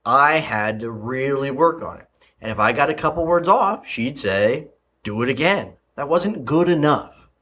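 Male podcast host, mid-pitched, conversational storyteller with frequent ums and restarts. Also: expressive, a little slow, pushed and bright, slightly rough. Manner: storytelling, repeats phrases, frequent fillers. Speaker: podcast host, leadership coach. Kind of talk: casual solo podcast talk.

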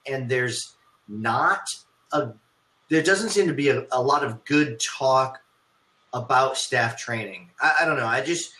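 Bright-voiced man in an echoey room. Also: medium pitch, unhurried. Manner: thoughtful, rambling, with many restarts. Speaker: martial arts school owner, podcast host. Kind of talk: casual podcast conversation. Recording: roomy echo.

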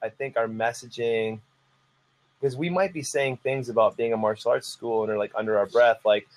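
A man's voice: mid-range voice, moderate pace, rough recording. A man who teaches martial arts, telling a story in a casual podcast chat and filling it with "like". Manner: animated storyteller, heavy use of "like".

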